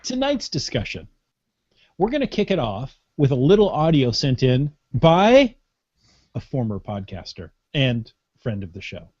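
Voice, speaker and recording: A man's voice: medium pitch, sing-song, normal speed, a little mellow, no room sound. Playful male podcast host, lo-fi. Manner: playful, joking. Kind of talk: casual podcast chat. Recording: dull lo-fi podcast audio.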